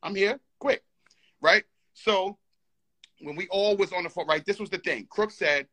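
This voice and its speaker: Guy with a high sharp voice going back and forth on a live call, keeps repeating himself. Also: expressive, unhurried. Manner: insistent, repeats himself, talks over others. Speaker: participant in a heated live call. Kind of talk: heated argument.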